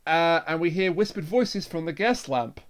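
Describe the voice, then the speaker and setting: A man co-hosting a casual review podcast, wry and quick to laugh as he recaps scenes. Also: on the high side, lively intonation. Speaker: podcast co-host.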